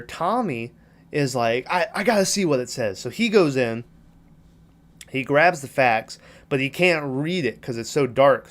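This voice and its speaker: A man casually recapping a film on a podcast, rambling and swearing as he acts out characters' lines. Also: medium pitch. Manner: profane, rambling retelling with quoted lines. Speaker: podcast host.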